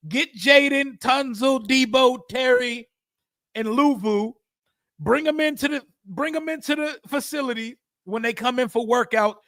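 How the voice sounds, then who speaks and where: A man's voice: sits high, moderate pace, fairly bright tone, no echo, studio quality. A young man hosting a live reaction stream, talking casually and profanely, often addressing his chat directly. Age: young adult. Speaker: livestream host.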